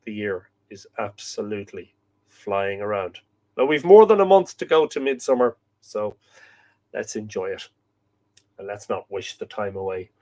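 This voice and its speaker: A man's voice: on the low side, animated, moderate pace, darkish tone. A man with an Irish accent hosting a live stream, chatting and greeting viewers one by one by name as he reads their comments. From Ireland. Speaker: host.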